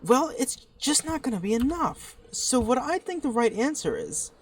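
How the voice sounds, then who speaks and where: Excitable woman narrating her gameplay. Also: sits high, normal speed, breathy edge. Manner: excitable, thinking aloud with frequent restarts. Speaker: channel host. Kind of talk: casual gameplay commentary.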